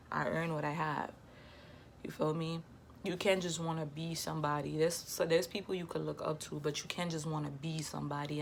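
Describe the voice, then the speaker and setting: A woman's voice: sits low, creaky, a little hiss or hum. A young adult woman vlogger telling a personal story in a candid, emphatic way, full of slang. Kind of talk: storytime vlog.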